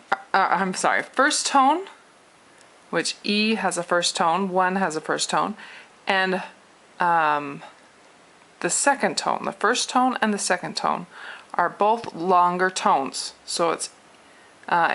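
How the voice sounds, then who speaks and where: A woman's voice: on the low side, gravelly, a bit bright. A young woman teaching Mandarin tones in a casual spoken lesson, patiently counting numbers aloud to demonstrate. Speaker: Mandarin tutor.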